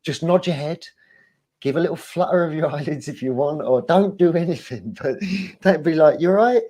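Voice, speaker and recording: A man, a guest on a casual stream, talking in a rambling, animated way and laughing as he goes. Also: on the high side, normal speed.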